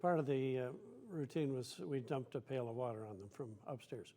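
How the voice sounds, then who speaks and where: A man's voice: mid-range voice, fairly quick, dark tone. A man telling anecdotes as an interview guest, wry and dry in his humour. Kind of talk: anecdotal storytelling.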